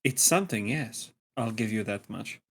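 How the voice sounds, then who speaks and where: A man voicing a hungover young woman fighter in a tabletop game, speaking low, quiet and sarcastic. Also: expressive, normal speed. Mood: dry.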